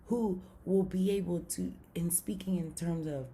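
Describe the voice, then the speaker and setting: Woman, low gravelly voice, mellow tone, video lesson, repeats herself, keeps asking "right?", faint background noise. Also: steady tone, a little slow, hardly any pauses. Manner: refers to herself in the third person. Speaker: online course teacher.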